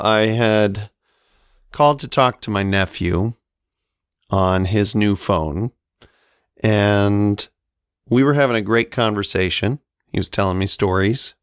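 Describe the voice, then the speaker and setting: Podcast co-host, male, unhurried and halting delivery, smooth resonant voice, close dry recording. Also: low-pitched, no echo. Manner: slow, halting, many fillers. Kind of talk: casual storytelling.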